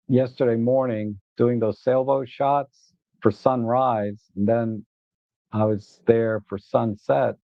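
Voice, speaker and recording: A man's voice: mid-range voice, no echo. A man hosting a photography livestream, talking casually and rambling through his shots, sometimes getting worked up and laughing. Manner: chatty and rambling, with frequent "uh" and repeated starts; gets animated and exasperated when griping, with laughs. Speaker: photography channel host. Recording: dry, phone-like narrow sound.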